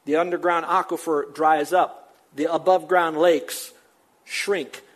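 A man's voice: fairly high pitch, steady tone. Emphatic older male preacher. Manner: emphatic, with fast repeated phrases and sudden drops to a hush. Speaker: pastor. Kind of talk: sermon.

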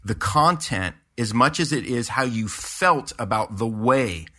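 A man's voice: medium pitch, expressive, a little slow, pushed and bright. A man, a pastor and podcast co-host, chatting casually and rambling through a story with lots of fillers and restarts. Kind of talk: casual chat.

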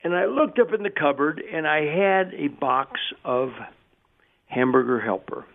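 This middle-aged radio host has a gravelly voice that sits a little high, with lively intonation and a slightly slow delivery. He keeps the talk casual, chatty and folksy, cracking jokes, and the audio sounds tinny, like a phone line.

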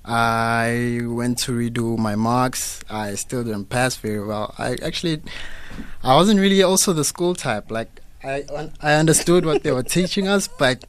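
A young South African man, a business owner being interviewed on radio, relaxed and casual, laughing easily. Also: mid-range voice, unhurried. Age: young adult. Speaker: guest entrepreneur. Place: radio studio.

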